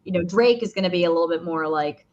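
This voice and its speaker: Low-voiced chatty woman, morning voice. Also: fast, darkish tone, lo-fi sound. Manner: chatty, many fillers and restarts. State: morning voice, clearing throat. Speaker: voice actor guest. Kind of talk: casual interview chat.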